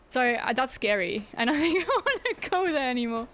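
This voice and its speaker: A woman's voice: high-pitched, expressive, a little slow, fairly bright tone. A young woman streaming a game, chatting casually with her viewers in a sarcastic, giggly way. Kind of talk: casual gameplay livestream chat.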